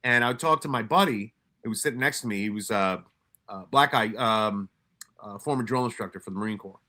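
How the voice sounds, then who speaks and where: A man raised in New York tells his stories casually, stumbling over restarts and swearing freely. His voice is bright and forceful. He acts out his own lines and those of others as he goes. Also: on the low side, fairly quick. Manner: profane, animated retelling with many restarts and quoted asides. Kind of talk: casual storytelling.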